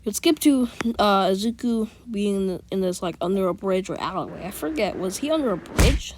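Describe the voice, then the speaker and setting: A woman's voice: medium pitch, animated, fairly quick, noisy background. Brief: casual woman storyteller, rambling, drops to whispers at times. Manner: rambling, many restarts, whispered asides. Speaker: fan storyteller.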